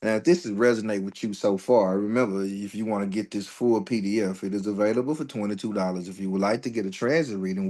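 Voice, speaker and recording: A man teaching an astrology workshop in a loose, profane, joking way. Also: medium pitch. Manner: loose and profane, jokes and laughs between readings. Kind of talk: casual astrology workshop talk.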